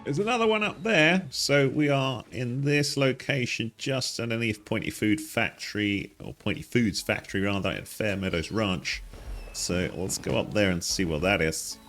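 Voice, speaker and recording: A man's voice: fairly low pitch, normal speed, fairly bright tone, soft background music. A man giving casual commentary on a game he is playing, chatty and easily delighted, with frequent exclamations. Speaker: gaming guide host.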